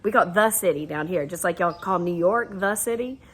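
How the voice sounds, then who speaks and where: A woman's voice: fairly low pitch, fairly quick, breathy edge. A middle-aged woman with a Southern American accent from Atlanta, leading a guided laughter session in a chatty, folksy way, laughing often.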